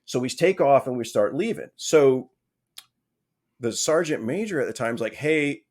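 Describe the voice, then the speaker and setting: A podcast guest tells a long anecdote casually, full of lively, self-mocking humor and frequent "right?" asides. He has a mid-range voice and a moderate pace.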